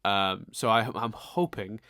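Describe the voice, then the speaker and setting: A man's voice: lowish voice, animated, measured pace, pushed and bright, smooth, dry recording, clean studio sound. A man co-hosting a podcast, chatting casually and rambling, with many restarts and repeated words. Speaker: podcast co-host. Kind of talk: casual chat.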